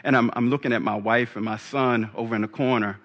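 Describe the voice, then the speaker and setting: A man's voice: mid-range voice, fairly even intonation, fast, dull audio. A man preaching a sermon in a humorous, conversational way, laughing at his own jokes.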